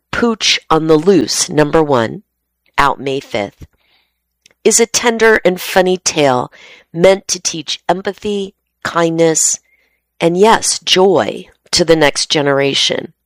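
A woman with a low voice reads magazine articles aloud for a radio reading service. She takes her time and keeps an even pace. The studio sound is close and dry. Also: no room sound. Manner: steady, unhurried reading voice.

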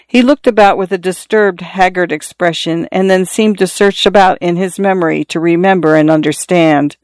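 A reader narrating a story in a measured, even storytelling manner. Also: mid-range voice, no echo. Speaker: audiobook reader. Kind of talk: scripted narration.

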